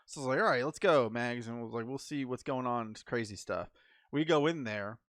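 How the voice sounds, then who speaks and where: A man's voice: medium pitch, a little fast, clean tone, dry recording. Dry-voiced man telling stories on a podcast. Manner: animated storytelling, acting out quotes. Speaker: podcast co-host. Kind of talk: casual chat.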